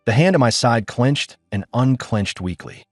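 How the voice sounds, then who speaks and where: A man's voice: mid-range voice, expressive, a little slow, no room sound, studio quality, soft background music. A man narrating a first-person audiobook drama in a weary, bitter tone.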